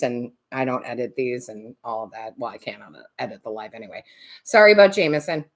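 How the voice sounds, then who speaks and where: A woman's voice: rumbling low, expressive, brisk. A woman hosting a live tarot stream, chatting casually, laughing often and greeting viewers by name.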